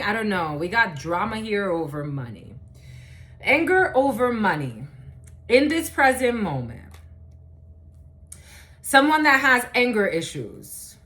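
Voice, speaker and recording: A woman talks through a collective tarot reading in a loose, chatty way, her pitch rising and falling a lot. She curses casually and fills her pauses with "uh" and "okay.". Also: very animated, a bit bright. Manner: chatty, swears casually, many fillers. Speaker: tarot reader.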